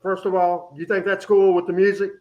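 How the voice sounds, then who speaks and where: A man with a high-pitched voice hosting a radio show from the studio. He talks in energetic, rambling bursts, full of fillers and false starts. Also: quick pace, lo-fi sound. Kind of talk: casual studio chat.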